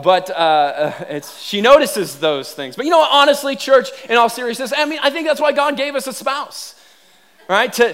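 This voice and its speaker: A man preaching a sermon as pastor, telling funny self-deprecating stories with animated delivery. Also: sits high, slight background noise.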